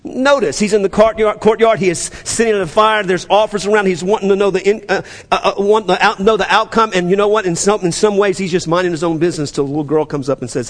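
A man with a New Orleans accent preaching a sermon as pastor, animated and acting out the scripture dialogue with stammered restarts. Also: high voice, quick pace, few pauses. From New Orleans area. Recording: long hall reverb.

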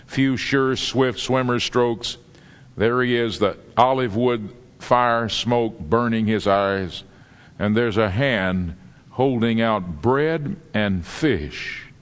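A man preaching a sermon, telling stories with dramatic pauses in a lively, emphatic way. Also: medium pitch. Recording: long reverb of a large hall.

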